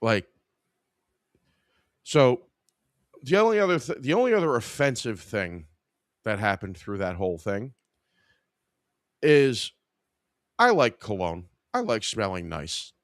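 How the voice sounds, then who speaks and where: A man's voice: fairly low pitch, huge pitch swings, takes it slowly, pauses often, dry recording, studio quality. A man hosting a podcast, telling a story in a casual, profane, exasperated way. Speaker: podcast host.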